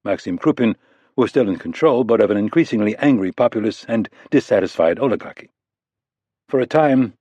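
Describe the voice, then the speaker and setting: A man reading a thriller audiobook aloud in a measured, steady narration. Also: fairly low pitch, husky, no room sound. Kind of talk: scripted narration.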